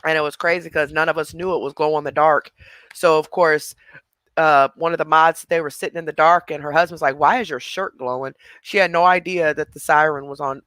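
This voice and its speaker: A man's voice: fairly high pitch, sharp tone, dry recording. A man hosting a livestream, chatting casually with viewers and laughing often. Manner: chatty, laughing, responding to chat. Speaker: livestream host.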